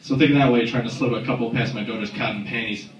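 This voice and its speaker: A man doing a crude, animated stand-up set in a comedy club, recorded on a phone from the audience. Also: mid-range voice, fast talker, reverberant, dull audio. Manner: crude, animated storytelling with acted-out voices. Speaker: stand-up comic.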